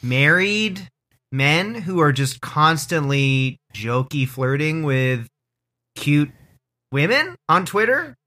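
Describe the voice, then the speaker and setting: A man's voice: a little high, very animated, takes it slowly, pushed and bright. A man co-hosting a comedy podcast, chatting loosely and joking with his co-host. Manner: loose, rambling, jokey. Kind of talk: casual comedy podcast chat.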